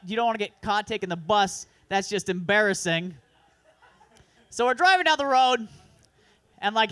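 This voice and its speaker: A man's voice: high voice, bright, forceful tone, clear, resonant tone, no echo. A man performing a crude, self-deprecating stand-up set at an open mic, rambling through asides. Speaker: stand-up comedian. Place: comedy club open mic.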